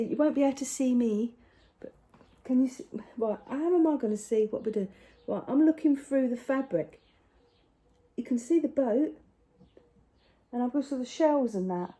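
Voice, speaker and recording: Chatty older woman, mellow voice. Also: a little high. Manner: rambling, chatty, with soft hushed asides. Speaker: crafting vlogger. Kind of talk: casual chat showing crafts. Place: home.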